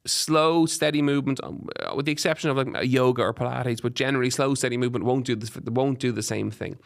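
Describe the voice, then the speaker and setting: An Irish man hosts a fitness podcast from a studio, his voice at a middle pitch with a gravelly edge. He coaches listeners with energy and encouragement, piling up examples in quick lists. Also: fairly even intonation. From Ireland. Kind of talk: solo podcast advice talk.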